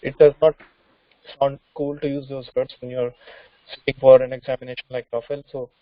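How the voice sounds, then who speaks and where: A man co-presenting an online webinar, adding advice in an earnest, measured way. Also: medium pitch, little pitch movement, no room sound. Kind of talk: instructional webinar talk. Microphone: video call. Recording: dull lo-fi call audio.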